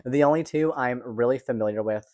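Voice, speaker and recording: Young male vlogger, mid-pitched, chatty and fast, candid, dry close mic. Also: darkish tone, dry recording. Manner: chatty, fast-talking, candid with casual swearing. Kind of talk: casual personal vlog.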